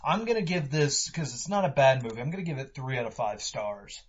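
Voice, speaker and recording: A man talks his way through a movie review, stopping and restarting with constant fillers. His voice is husky and mid-pitched. The recording sounds dull and lo-fi. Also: lively intonation, fairly quick. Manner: rambling, many "you know" fillers and restarts. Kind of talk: casual spoken review.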